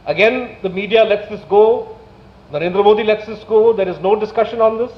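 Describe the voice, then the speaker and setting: A man with an Indian English accent giving a public lecture, indignant and full of rhetorical questions, slowing down for emphasis. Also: high-pitched. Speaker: speaker at a public talk. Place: lecture hall. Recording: echoey hall, dull lo-fi sound.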